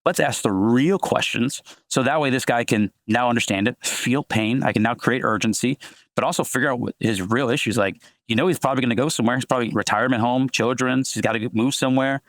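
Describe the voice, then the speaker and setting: A man guest on a podcast, a sales leader who talks fast and acts out conversations with clients. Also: mid-range voice, no room sound, studio quality. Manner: fast, animated, acts out calls. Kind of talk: podcast interview.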